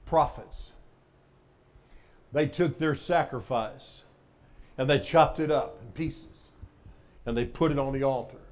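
A male preacher delivering a sermon with dramatic swings between loud exclamations and hushed emphasis. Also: mid-range voice.

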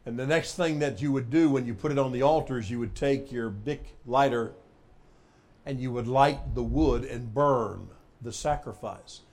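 A male preacher delivering a sermon with dramatic swings between loud exclamations and hushed emphasis. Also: medium pitch, moderate pace.

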